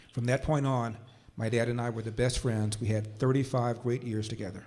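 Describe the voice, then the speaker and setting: An older man addressing a conference crowd from a stage, his voice sitting in a middle pitch. He tells his story in a measured way, easing into quiet, slow phrases for weight and then pushing up to firm, emphatic points. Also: little pitch movement. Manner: storyteller who slows down and drops quiet for emphasis, then rises to forceful points. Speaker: conference speaker. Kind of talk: political speech with personal storytelling.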